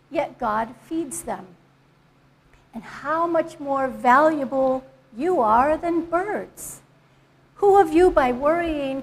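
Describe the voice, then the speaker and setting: A woman in church reading a Bible passage aloud slowly and deliberately. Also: sits high, low-quality recording. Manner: slow and deliberate. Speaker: Scripture reader in church.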